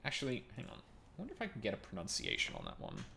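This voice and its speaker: A man's voice: fairly low pitch, huge pitch swings, quick pace, creaky, sharp tone, a little hiss or hum. A man streaming a video game, reading its text aloud and stumbling over unfamiliar words, with casual sweary asides.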